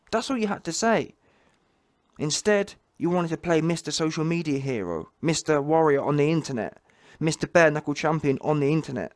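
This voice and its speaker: A man delivers a heated, mocking rant full of slang. His voice sits a little high, and the recording is dry and close. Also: animated, moderate pace, no room sound. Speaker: online commentator. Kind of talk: ranting reaction commentary.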